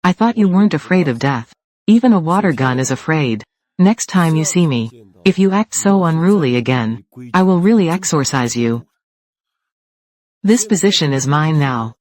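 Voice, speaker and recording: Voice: medium pitch, expressive, normal speed, darkish tone, close to an everyday voice. A dubbing voice performing corporate rivals in a drama, delivering short, confrontational lines. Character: corporate rivals trading threats over control of a company. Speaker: dub voice for several characters. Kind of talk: dubbed drama dialogue.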